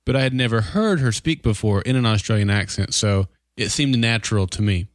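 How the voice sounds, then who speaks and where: Low-voiced man, hesitant podcast chat. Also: brisk, dry recording, clean studio sound. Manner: hesitant, repeats words. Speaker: podcast co-host. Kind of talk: casual TV discussion.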